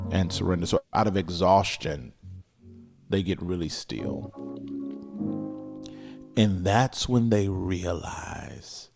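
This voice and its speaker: A man preaching a sermon, repeating phrases and building in intensity. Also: low-pitched. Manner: preaching with rising intensity and repetition. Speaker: pastor.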